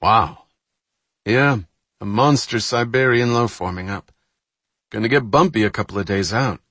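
A man's voice: fairly low pitch, a little slow, a bit bright, no echo. A man voicing an easygoing American first officer on a cargo ship who talks casually.

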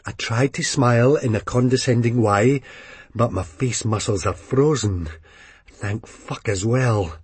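A man narrating a novel in the first person, voice husky with a slightly breathy edge, recorded dry and close with no room sound. His telling is wry and quietly seething, with frequent swearing. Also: mid-range voice, no echo. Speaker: audiobook reader.

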